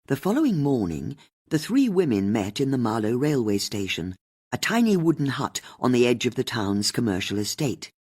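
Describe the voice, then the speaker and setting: An audiobook narrator telling a mystery story with expressive delivery. The voice is husky and rises and falls widely in pitch. Its pitch sits mid-range. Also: normal speed.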